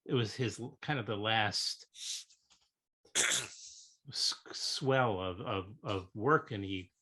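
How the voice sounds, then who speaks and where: A man hosting a casual interview, speaking in halting phrases full of fillers. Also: on the low side, noisy background. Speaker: podcast host.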